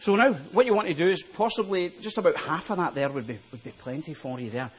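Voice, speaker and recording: A man's voice: on the high side, fast. A man working as a chef, patiently explaining a recipe step by step in a studio kitchen. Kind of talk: cooking demonstration.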